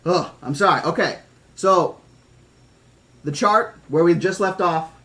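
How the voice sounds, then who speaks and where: A man's voice: sits high, unhurried, pushed and bright. A man streaming live, emotional and near tears, stammering out thanks to his viewers in casual chat. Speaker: streamer reading a novel aloud.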